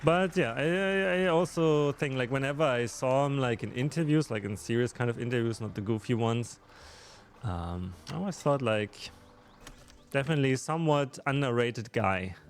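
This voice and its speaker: A man's voice: medium pitch, animated, normal speed, slight background noise. Chatty German-accented man streaming. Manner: chatty, laughs often, talks to viewers. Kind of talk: casual live-stream chat while gaming.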